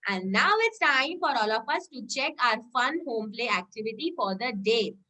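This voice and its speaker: A woman's voice: a little high, lively intonation, moderate pace, sharp tone. A woman kindergarten teacher giving an online lesson to young children, coaxing and cheering in a sing-song, exclamatory way.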